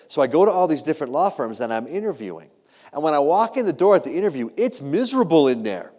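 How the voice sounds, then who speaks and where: A man in his thirties giving a humorous storytelling keynote, animated and self-deprecating, teasing the audience with questions. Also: a little high, fast talker. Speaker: keynote speaker. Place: large hall. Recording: long reverb of a large hall.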